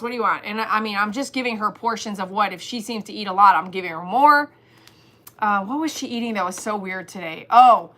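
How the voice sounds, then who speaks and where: A woman hosting a casual livestream, chatting and reading viewers' comments aloud, animated and laughing often. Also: on the high side. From Texas. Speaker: livestream host.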